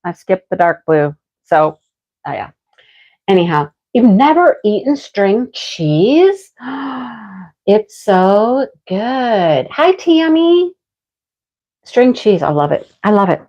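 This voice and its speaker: A woman's voice: medium pitch, sing-song, takes it slowly, long pauses, mellow, highs cut off. A woman hosting a live craft stream, chatting casually and greeting viewers by name while she works. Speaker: craft livestream host.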